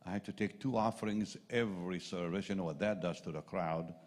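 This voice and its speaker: An older man from Israel, a pastor preaching a sermon, telling a personal story in an animated, chatty way with asides to the crowd. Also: low voice, a little fast.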